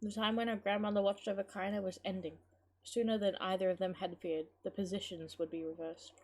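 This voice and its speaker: A woman's voice: mid-range voice, fairly even intonation, fairly quick. A woman streamer reading a game's story aloud, breaking off to swear and chat casually. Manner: casual, swears at the game, chatty asides. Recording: voice with loud game music behind.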